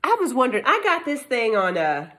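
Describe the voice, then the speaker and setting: A woman's voice: a little high, huge pitch swings, fairly quick, a bit bright. A middle-aged woman using a put-on Texas accent, speaking in a casual, emphatic monologue with rhetorical questions. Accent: Texas Southern US, put on. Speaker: self-made legal commentator. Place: home in California.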